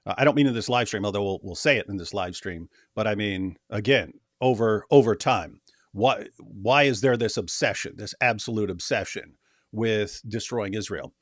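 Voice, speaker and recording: A man co-hosting a livestream, talking casually and mockingly, sometimes putting on shrill whining voices. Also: moderate pace, no echo, clean studio sound. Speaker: livestream co-host.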